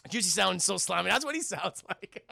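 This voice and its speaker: A man's voice: sits high, lively intonation, a little fast, creaky, sharp tone, no room sound, studio quality. A man streaming a film recap to his chat, acting out the characters' lines in between, with laughter and swearing. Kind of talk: animated scene-by-scene retelling to chat.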